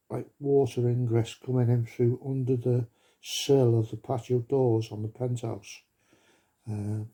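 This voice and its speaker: A man's voice: medium pitch, mellow. A Welsh man, a plasterer, chatting casually to his phone camera with lots of fillers and loose rambling asides. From Wales. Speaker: plasterer vlogger. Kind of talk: casual vlog chat.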